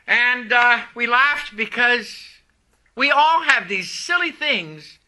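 A man preaching a sermon, opening with a soft prayer and telling a personal story with rising emphasis. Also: very high voice. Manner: prays softly, then tells a story with rising emphasis.

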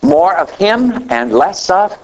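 A middle-aged man preaching a sermon, telling a story with animated delivery that swings between loud emphasis and quiet asides. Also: slow pace, lo-fi sound, a little hiss or hum. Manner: animated storytelling preacher, rising to a near shout then dropping low.

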